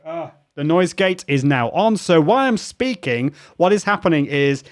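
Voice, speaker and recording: A man's voice: fairly high pitch, expressive, moderate pace. A man hosting a live video show, chatting casually as he demonstrates audio settings and reads out viewer comments. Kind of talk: live-stream audio demo with chat.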